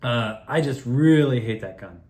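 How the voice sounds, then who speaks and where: A man's voice: mid-range voice, measured pace. Rambling, profane man in an echoey room. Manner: profane, meandering, excitable, with frequent restarts. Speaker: video creator telling his own story. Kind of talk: rambling personal storytelling.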